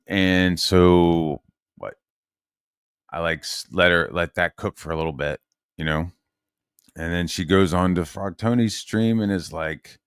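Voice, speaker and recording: A man's voice: low-pitched, unhurried, a bit bright, clear, resonant tone, no room sound, clean studio sound. A man from Virginia, a channel host, telling a long profane, agitated story with many fillers and restarts. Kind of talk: casual ranting monologue.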